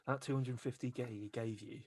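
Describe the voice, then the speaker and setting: A man's voice: mid-range voice, fairly even intonation, fairly quick, a little mellow. A man co-hosting a podcast, asking questions and making wry, swearing remarks in casual chat. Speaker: podcast co-host.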